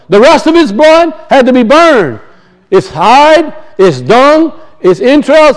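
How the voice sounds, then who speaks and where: A middle-aged man with a notably high voice preaching a lively sermon. He swings his pitch up and down, circles back on phrases for emphasis, and slips into acted-out voices. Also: low-quality recording. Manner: animated preaching, rises and drops in pitch, acts out quoted voices; repeats and restarts phrases for emphasis.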